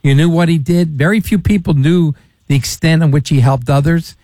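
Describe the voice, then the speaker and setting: A man hosting a radio interview, sympathetic and halting, often repeating words. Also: a little high, dark tone, no echo. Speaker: radio host.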